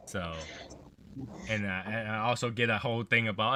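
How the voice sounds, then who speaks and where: A man's voice: on the low side, moderate pace, long pauses, sharp tone, slight background noise. A man hosting a casual livestream chat, rambling in a gloomy, offhand way and swearing now and then. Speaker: livestream host.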